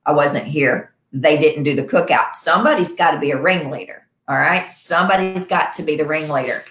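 A middle-aged woman hosting a wellness show, coaching her viewers in a casual, upbeat way and often checking in with "right?". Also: low-pitched. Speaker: wellness show host and health provider. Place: her home. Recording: echoey room.

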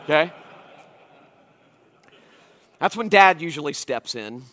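A man who is a pastor, preaching a conference sermon in an animated, conversational storytelling manner. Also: mid-range voice, normal speed.

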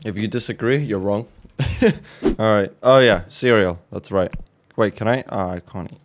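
A man casually commenting while playing a horror game, joking, reacting fast and swearing now and then. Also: fairly low pitch, slight background noise. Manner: jokey, swears, quick reactions. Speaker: let's play host.

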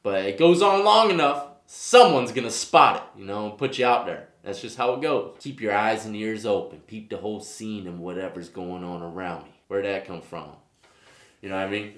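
A man's voice: lowish voice, moderate pace, fairly bright tone. Man, vlog host telling prison stories, street slang, keeps asking "you know what I mean", roomy echo. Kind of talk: casual storytelling to camera.

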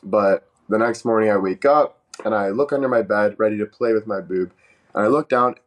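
A man casually telling a joking story on a live stream, animated and swearing freely. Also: fairly low pitch, a little fast.

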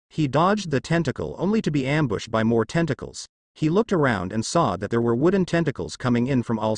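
A man narrates fan fiction in a steady, even storytelling read and lets his pitch rise and fall with lively movement. The recording is dry and close, with no room around the voice. He keeps the same plain voice for every character he reads. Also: dry recording.

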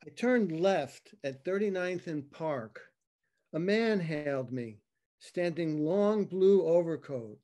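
A man reading his own narrative poem, slow and dramatic, over a video call. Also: fairly high pitch, expressive, mellow. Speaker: poet reading his work. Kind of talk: poetry reading.

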